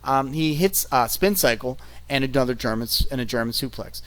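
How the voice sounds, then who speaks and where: A man's voice: medium pitch, lively intonation, brisk, a bit bright. A man giving a casual, rambling recap of wrestling matches, full of fillers, laughs, and frequent "okay?" check-ins. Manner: laughs between points. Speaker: wrestling reviewer.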